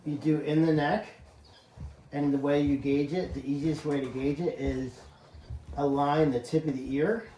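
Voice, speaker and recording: A man's voice: fairly high pitch, flat delivery, a little slow, dark tone, roomy sound, slight background noise, rough recording. A man caring for animals at a sanctuary, chatting casually to the camera and slipping into cooing baby talk with the animals. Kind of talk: casual vlog narration.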